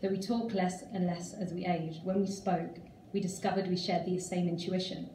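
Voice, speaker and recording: Woman reading her own fiction at an event, calm and measured; distant mic in a roomy space with faint ambience. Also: lowish voice, slight background noise. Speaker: author reading her story.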